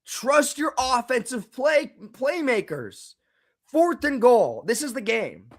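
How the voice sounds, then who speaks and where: Guy streaming a football game, high voice, slow and bright, mutters then yells. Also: sing-song. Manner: swings from muttering to angry shouting, repeats words. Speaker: fan reaction streamer. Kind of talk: live game reaction.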